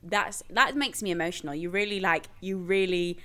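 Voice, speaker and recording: A woman hosting a podcast, chatting casually and responding warmly to her guest. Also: fairly low pitch, moderate pace, clean tone. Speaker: podcast host. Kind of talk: casual chat.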